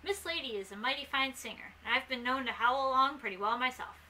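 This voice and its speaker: A woman's voice: high-pitched, fast, sharp tone, slight background noise, low-quality recording. A woman voicing a proud old male bloodhound, folksy and a bit boastful.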